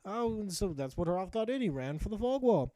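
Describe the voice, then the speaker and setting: High-voiced man mock-narrating a game. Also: very animated, fairly quick, mellow, no room sound. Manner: jokey, profane, mock-epic storytelling. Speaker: gamer narrating his playthrough. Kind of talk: comedic game commentary told as a tale.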